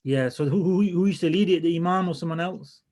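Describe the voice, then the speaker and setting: A man teaching a religious class in a relaxed, conversational way, often restarting his sentences as he thinks aloud. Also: a little high, a little fast. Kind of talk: casual classroom lesson.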